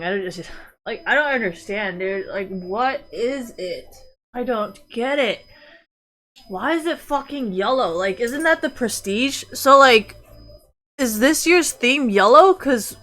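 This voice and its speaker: A woman's voice: fairly high pitch, expressive, takes it slowly, a bit bright. A young woman streamer chatting casually, ranting with frequent swearing and lots of filler words. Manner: profane, exasperated ranting with repeated fillers. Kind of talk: casual chat while browsing online.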